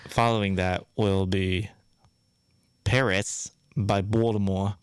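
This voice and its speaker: Male radio host, low voice, dry studio sound, loose and self-mocking banter. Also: fairly even intonation, slow pace, clean tone, dry recording. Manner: joking, self-mocking announcer. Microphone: studio microphone.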